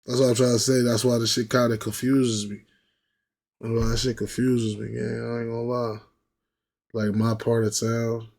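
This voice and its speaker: A man talking loosely and slangily, circling back to repeat his point. His voice sits at an ordinary middle pitch, and he gets animated when he imitates other people. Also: moderate pace, vocal fry. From New York. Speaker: reaction video host. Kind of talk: casual rambling chat.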